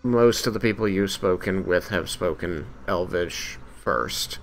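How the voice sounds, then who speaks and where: A man narrating and answering as game master of a tabletop game, in a low-key, hesitant way. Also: measured pace, soft background music.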